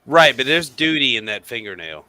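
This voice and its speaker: A man making quick, sarcastic quips in a casual group chat. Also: medium pitch, big pitch swings, pushed and bright.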